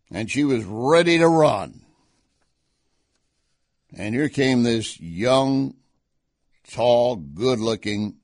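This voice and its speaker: A man at a close studio mic talks through political commentary in a conversational tone. His voice is mid-pitched and sits in a dry, close room. He leans into his points with emphasis, rising when he presses an argument. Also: dry recording. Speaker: talk radio host.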